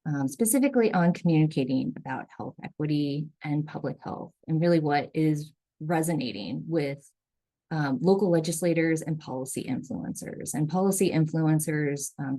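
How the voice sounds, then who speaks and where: A woman leading an online workshop, relaxed, with frequent ums, heard over a video call. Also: deep voice, normal speed, no echo, rough recording. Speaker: workshop facilitator.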